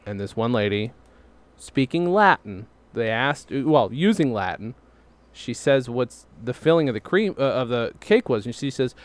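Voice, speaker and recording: Animated joking man, lively pitch. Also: normal speed, dry recording. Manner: joking, animated, laughs often. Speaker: podcast co-host. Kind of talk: casual comedic chat. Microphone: desk microphone.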